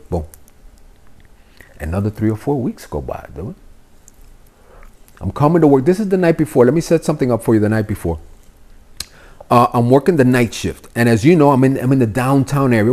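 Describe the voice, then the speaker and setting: Animated storytelling from a middle-aged man of Cuban family, raised in Miami, his pitch leaping high and dropping low as he plays every character. He talks loosely and swears freely, and his voice sits at an ordinary middle height. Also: a little fast. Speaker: podcast guest, actor. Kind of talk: casual storytelling chat.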